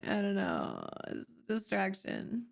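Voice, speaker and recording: A woman's voice: medium pitch, wildly swooping pitch, slow, creaky. A young woman from Canada chatting casually on a live stream, rambling with many fillers and restarts.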